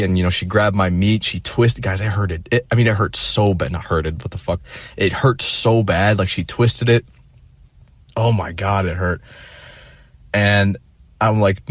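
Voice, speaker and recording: A man's voice: lowish voice, fairly even intonation, moderate pace, dry recording. A young man telling a rambling, self-deprecating story in a casual vlog monologue, full of fillers and restarts.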